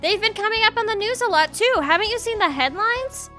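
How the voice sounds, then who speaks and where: A woman voicing a rough male bird who once ran with a biker gang, speaking in urgent warnings. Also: very high voice, expressive, a little fast, sharp tone, faint music behind, pitched above the performer's own voice, exaggerated voice. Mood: alarmed.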